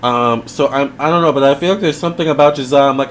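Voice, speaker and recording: A man's voice: medium pitch, quick pace, slight background noise. Chatty man rambling through a review. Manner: chatty, rambling, full of fillers and asides. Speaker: video reviewer. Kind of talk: casual commentary.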